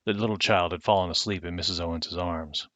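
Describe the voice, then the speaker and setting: A man reading a chapter book aloud to his children at home in a measured storytelling way, recorded on a webcam. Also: low voice, steady tone, bright, forceful tone, no echo. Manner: measured storytelling, slowing for effect. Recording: dull lo-fi webcam sound, dry.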